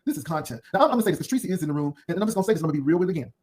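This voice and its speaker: A man with a notably high voice rattles off sassy, cutting commentary at a breakneck clip. He rambles from one put-down to the next as he hosts his own video. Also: animated, racing, darkish tone. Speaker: YouTube commentary host. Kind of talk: unscripted drama commentary.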